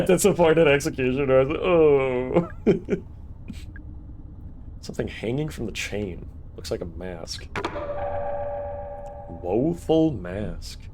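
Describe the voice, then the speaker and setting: A man's voice: mid-range voice, slight background noise. A man streaming a horror game, joking casually and reading in-game text aloud as he plays. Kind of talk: casual let's-play commentary. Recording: game music behind voice.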